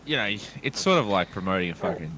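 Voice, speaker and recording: Bloke, podcast co-host, low bright voice, lively swings in pitch, sweary, faint hiss. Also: male voice, fast talker. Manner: sweary, laughs easily. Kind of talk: casual chat.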